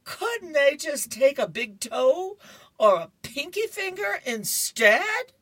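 A woman's voice: high-pitched, sing-song, slow pace, fairly bright tone, no echo, voice pushed up, full character voice. Woman doing a wailing hysterical schoolboy. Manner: wailing in protest. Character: boy student, hysterical and whiny.

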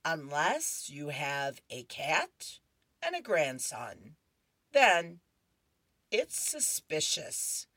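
A woman voicing a quiet older grandfather from a comic strip, speaking slowly with dry, resigned wit. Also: deep voice, wildly swooping pitch, no echo, exaggerated voice.

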